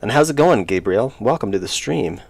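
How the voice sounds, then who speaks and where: Young dude streaming game dev, rambly and self-deprecating, kinda low gravelly voice. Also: male voice, animated, fairly quick, darkish tone, no room sound. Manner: rambling, self-deprecating, reads chat aloud. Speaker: indie game developer streamer. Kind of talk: casual live-stream chat while working.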